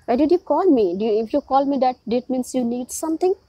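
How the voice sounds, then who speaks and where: A woman's voice: high-pitched, expressive, quick pace, dark tone, husky, no room sound. A woman reading the lines of a friendly male genie from a teapot in a storybook. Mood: questioning.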